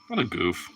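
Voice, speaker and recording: Young male vlogger, very bright tone, lively pitch, loose slangy delivery with swearing. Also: breathy edge, low-quality recording. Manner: swearing, slangy, slips into high baby talk with his dogs. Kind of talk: casual talk to camera and dogs.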